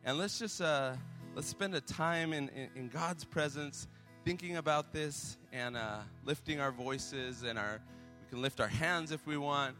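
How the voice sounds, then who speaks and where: A man's voice: fairly high pitch, measured pace, bright, forceful tone. A man leading worship in a church, speaking earnestly with frequent fillers and restarts before the songs. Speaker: worship leader. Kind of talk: sermon. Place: church sanctuary. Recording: long reverb of a church hall, faint music.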